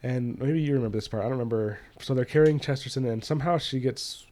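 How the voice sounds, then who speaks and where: A man's voice: medium pitch, quick pace, dark tone. A man co-hosting a podcast who loosely retells a book's plot in casual chat, with many fillers. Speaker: podcast co-host. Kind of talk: casual book discussion.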